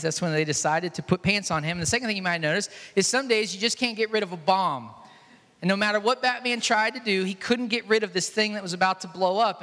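High, bright-voiced male pastor in an echoey hall. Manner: conversational, storytelling, jokes with the congregation. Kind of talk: sermon. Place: large church hall.

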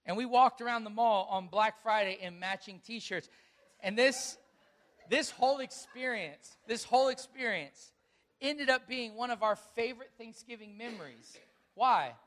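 A pastor with a notably high voice delivers a sermon, telling a family story with animated quoted dialogue before moving into scripture. He is a man who speaks in an engaging storytelling way. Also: unhurried.

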